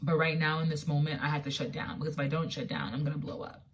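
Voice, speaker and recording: A woman's voice: sits low, fast talker, far from the mic. A woman in her twenties, a guest chatting casually, telling stories with lots of fillers and acting out what others said. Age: 20s. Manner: animated storytelling, acts out quotes, many fillers. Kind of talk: casual chat.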